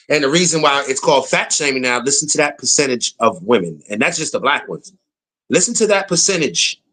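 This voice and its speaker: A man's voice: fairly high pitch, a bit bright, rough recording. A man hosting his channel, giving blunt, opinionated reaction commentary. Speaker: channel host.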